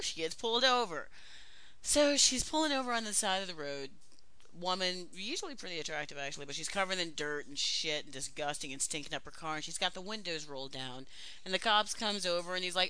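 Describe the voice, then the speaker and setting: Bright, crisp crude joke teller. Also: mid-range voice, moderate pace, no echo. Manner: profane, animated storytelling.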